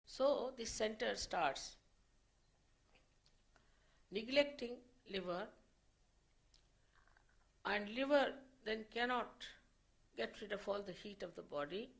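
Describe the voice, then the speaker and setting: A woman speaking as a spiritual teacher gives an unscripted lecture, slow and measured, often repeating her phrases. Her voice is fairly high and creaky, and the recording quality is low.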